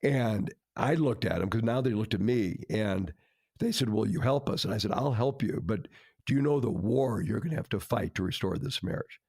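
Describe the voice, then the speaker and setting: Low gravelly man telling a story. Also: expressive, normal speed, darkish tone, no echo, clean studio sound. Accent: American. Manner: earnest, dramatic retelling with quoted dialogue. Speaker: marriage counselor, podcast host. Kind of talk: storytelling to co-host.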